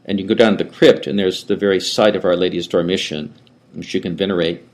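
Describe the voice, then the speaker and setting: An older male priest gives a relaxed class lecture in a fairly low voice. He wanders through asides and often restarts his sentences. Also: fast talker. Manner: rambling, with frequent restarts and asides. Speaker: Orthodox priest teaching a class. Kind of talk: conversational lecture.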